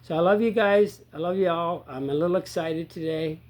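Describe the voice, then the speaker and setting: Earnest man talking recovery, pitched a bit high. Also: fairly quick. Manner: earnest, repeats himself, swings from loud emphatic to quiet low. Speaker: sobriety coach. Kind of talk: casual recovery talk to viewers.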